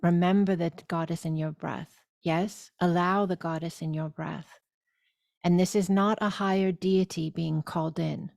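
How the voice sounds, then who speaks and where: A woman leading a spiritual course, speaking deliberately and soothingly with loud gasping inhales and repeated phrases. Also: fairly low pitch, steady tone, gravelly, no echo, clean studio sound. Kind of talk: slow guided spiritual teaching.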